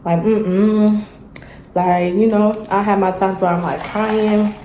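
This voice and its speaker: A young woman, telling a story in a casual, animated vlog chat and acting out the dialogue. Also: medium pitch, slow pace, reverberant, a little hiss or hum, rough recording. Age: young adult. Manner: animated, chatty, acts out dialogue. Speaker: vlogger. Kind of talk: casual storytelling while eating.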